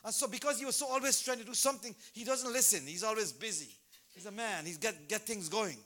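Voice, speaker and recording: High, bright-voiced preacher. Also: male voice, fast talker. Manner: animated, repeats names, bursts into shouts. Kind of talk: sermon. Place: church service.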